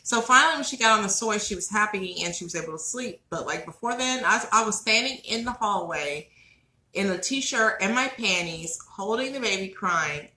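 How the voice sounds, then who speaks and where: A woman's voice: mid-range voice, moderate pace. A woman in her thirties co-hosting a podcast, telling stories expressively. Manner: expressive, laughing storyteller. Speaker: podcast co-host. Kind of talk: casual chat. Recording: echoey room with faint noise.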